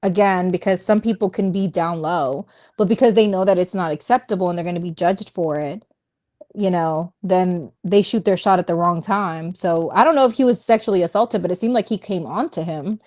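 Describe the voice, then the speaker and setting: A woman's voice: lowish voice, brisk, darkish tone. A female podcast co-host musing aloud in a chatty, amused way while reacting to a clip. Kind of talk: casual reaction commentary.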